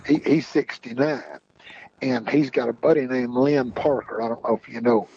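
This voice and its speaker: A man spins long, rambling tales in an easygoing chat, forever circling back with "he said." His voice is gravelly and dark, with a breathy, husky edge. The sound is a little muffled and lo-fi. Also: medium pitch, fairly even intonation, normal speed. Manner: folksy, rambling, keeps repeating "he said". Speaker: podcast guest storyteller. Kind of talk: casual storytelling.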